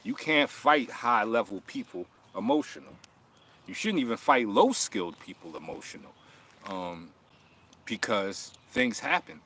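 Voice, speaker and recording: Lowish voice, bright and forceful, livestream host guy laughing and ranting at chat, aave. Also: measured pace, creaky. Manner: laughing, mocking, heated and animated. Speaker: martial arts channel host. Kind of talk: casual livestream talk answering chat.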